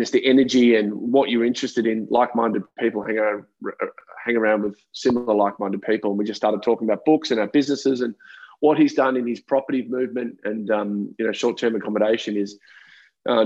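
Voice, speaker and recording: A man, a guest on a podcast, talking in a friendly, halting way with lots of fillers and restarts. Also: fairly low pitch, a little mellow, highs cut off. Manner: hesitant, many ums and restarts, friendly. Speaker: podcast guest, wine entrepreneur. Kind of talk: casual interview conversation.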